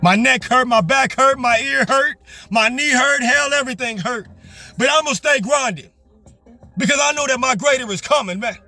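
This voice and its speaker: A young man delivers a fervent, repetitive sermon from inside his parked car. His voice sits high for a man, and faint music plays beneath his preaching. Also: brisk, pushed and bright. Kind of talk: motivational sermon.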